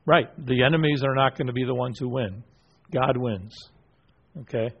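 Husky and edged with vocal fry, this man's medium-pitched voice arrives through dull audio. While teaching a Bible study group he poses questions and affirms answers, with a halting flow of fillers and restarts.

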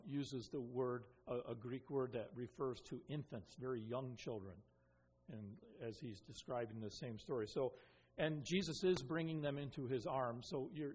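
A pastor giving an earnest expository sermon, with frequent ums and restarts. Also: male voice, medium pitch, husky. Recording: long reverb of a hall.

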